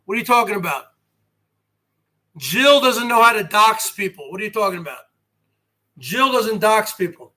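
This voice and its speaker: A brash man in his forties, hosting a livestream rant, who swears and swings from a quiet voice to a shout. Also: sits high, expressive, moderate pace, pauses often. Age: 40s. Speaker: host.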